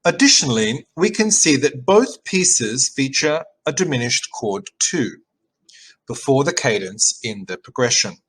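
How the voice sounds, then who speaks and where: A man reading a written music analysis aloud in an even, measured way, as a teacher. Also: mid-range voice, husky, poor audio. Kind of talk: read-aloud academic narration.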